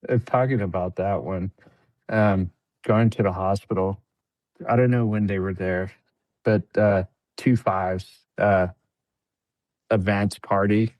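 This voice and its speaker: A man's voice: slow pace, pauses often, dry recording. A man, a podcast guest and veteran, telling a long war story in casual chat, acting out quotes from others in a raised voice. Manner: animated storyteller, acts out quotes in a higher voice.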